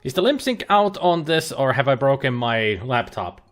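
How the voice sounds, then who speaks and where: A male game streamer talking casually and loosely, with fillers and restarts as he plays. His voice is mid-pitched and moves expressively, with plenty of rise and fall. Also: big pitch swings, normal speed, fairly bright tone. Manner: chatty, rambling, with frequent fillers and restarts. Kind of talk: casual livestream commentary. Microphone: webcam and laptop setup.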